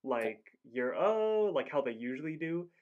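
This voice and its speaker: A man's voice: medium pitch, steady tone, moderate pace, narrow, tinny audio. A man co-hosting a podcast, chatting casually through a cartoon episode recap, rambling with lots of "like" and acting out the characters' lines. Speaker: podcast co-host.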